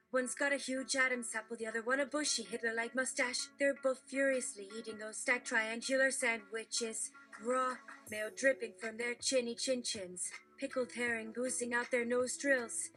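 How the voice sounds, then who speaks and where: A woman reading jokes aloud in a brisk, matter-of-fact narrating manner. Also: fairly high pitch, steady tone, bright, forceful tone, soft background music. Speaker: joke reader.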